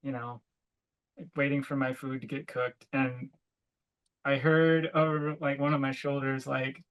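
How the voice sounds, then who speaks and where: A man's voice: mid-range voice, level tone, measured pace, smooth, poor audio. A young adult man and podcast co-host, chatting casually and telling rambling stories full of "like," sometimes laughing as he goes. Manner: rambling, filler-heavy storytelling with frequent "like". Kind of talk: casual chat.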